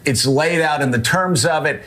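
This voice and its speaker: A man's voice: fairly high pitch, normal speed, a bit bright. A male morning show commentator speaking bluntly and indignantly, repeating his points. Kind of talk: broadcast commentary.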